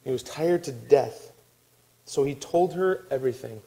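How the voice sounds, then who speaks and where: A man preaching a sermon, telling a story with acted-out quotes and dropping to a hushed, weary tone. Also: medium pitch, unhurried, creaky, rough recording. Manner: animated storytelling, acting out quotes, dropping to a soft hush. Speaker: pastor.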